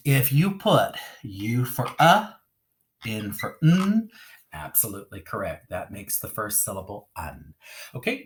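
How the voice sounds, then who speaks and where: A man teaching a phonics lesson on a video, speaking in a lively sing-song teacher voice and often checking in with "okay?". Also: on the low side.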